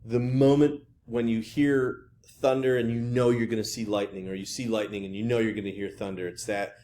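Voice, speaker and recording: A man's voice: on the low side, flat delivery, brisk, warm tone. Chatty male art history professor. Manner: chatty, with many fillers and restarts. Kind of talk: casual classroom lecture.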